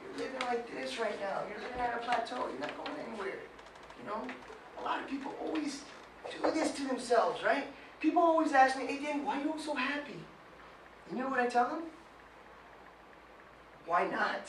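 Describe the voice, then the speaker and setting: Animated man speaking in a roomy hall. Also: very high voice, moderate pace, long pauses. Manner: animated, quizzes the audience, mimics whiny voices. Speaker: motivational speaker. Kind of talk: motivational talk to a live group. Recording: roomy sound from far off with faint noise.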